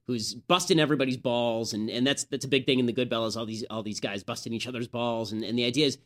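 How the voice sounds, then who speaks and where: Brisk, opinionated male podcast host. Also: medium pitch, fairly even intonation, a bit bright. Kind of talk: political commentary podcast.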